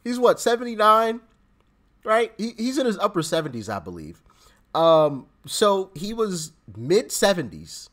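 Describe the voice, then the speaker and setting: A woman's voice: mid-range voice, sing-song, unhurried, fairly bright tone. A woman giving casual reaction commentary, joking and incredulous, laughing often as she talks.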